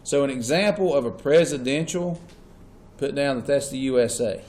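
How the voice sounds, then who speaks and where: Man, classroom teacher, mid-pitched, checks in with students. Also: normal speed, a little mellow, a little hiss or hum. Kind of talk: classroom lecture.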